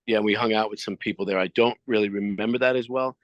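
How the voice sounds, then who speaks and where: Middle-aged male actor, low register, relaxed anecdotal interview delivery; dry, dull-toned sound. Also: quick pace, no echo. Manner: animated anecdotes with acted-out quotes. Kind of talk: casual interview storytelling.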